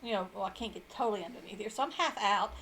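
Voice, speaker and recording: A woman's voice: mid-range voice, racing, a bit bright, slight background noise. A woman co-hosting a podcast in casual chat, a digressive storyteller who laughs often. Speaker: podcast co-host.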